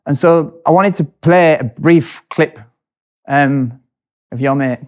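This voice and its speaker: A man hosting a casual chat, telling a personal story in an animated way, laughing often and speeding up in bursts. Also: on the high side, takes it slowly.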